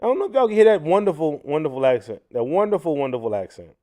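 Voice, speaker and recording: Lively, mellow-voiced man hosting a livestream. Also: a little high, fast talker. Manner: animated, frequent restarts, addresses viewers as y'all. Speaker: livestream host. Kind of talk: casual commentary livestream.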